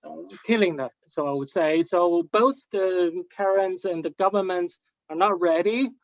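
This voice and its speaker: A man who researches AI, speaking on an online panel. He talks haltingly, with many fillers and restarts. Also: sits high, no room sound, dull audio. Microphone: video call.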